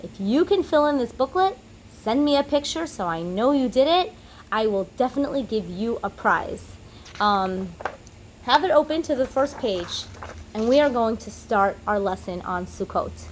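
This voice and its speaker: A woman teacher giving a holiday lesson to children, telling a story in an animated way and acting out the characters' lines. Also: on the high side, moderate pace, a little hiss or hum, poor audio.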